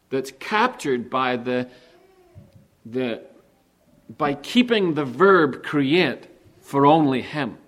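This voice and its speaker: A man preaching a sermon with animated delivery, asking rhetorical questions and slowing down to stress key words. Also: medium pitch. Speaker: pastor.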